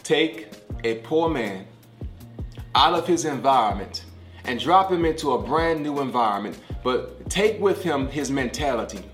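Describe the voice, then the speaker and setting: A man's voice: medium pitch, expressive, unhurried, reverberant, faint music behind. A middle-aged man giving a podcast devotional sermon, talking like a conversation and repeating key phrases for emphasis. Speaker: pastor.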